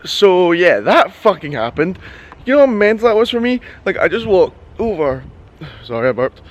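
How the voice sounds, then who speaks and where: A young man, a fitness coach vlogging casually to camera, excitable and swearing freely as he rambles through his stories. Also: high voice, moderate pace, muffled recording. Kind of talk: casual vlog talk to camera.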